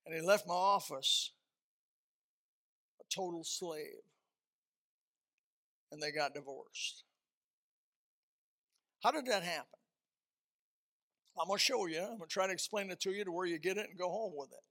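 A man preaching a sermon, telling a counseling story and repeating words for stress, his voice swelling louder at key points. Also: high voice, measured pace, pauses often.

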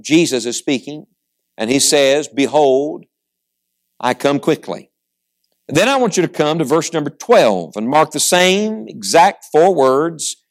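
A middle-aged male pastor preaching a sermon, reading scripture slowly and then pressing his points with rising intensity. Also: fairly high pitch.

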